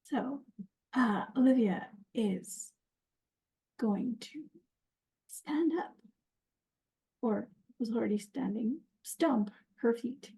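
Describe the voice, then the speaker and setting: Woman player talking slow, husky and mellow, kinda hesitant. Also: on the high side, rough recording. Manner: slow, hesitant, thinking aloud. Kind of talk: casual game table chat.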